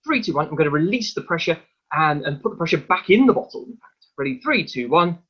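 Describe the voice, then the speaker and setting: A man presenting a live online science demonstration for children, explaining each step in a lively, hands-on way. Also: on the high side, quick pace, slightly rough, highs cut off.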